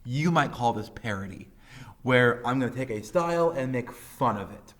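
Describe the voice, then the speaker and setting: A man in his thirties lecturing as a high school English teacher, talking casually and animatedly with many fillers and voiced quotes. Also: expressive, moderate pace, fairly bright tone. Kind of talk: classroom lecture.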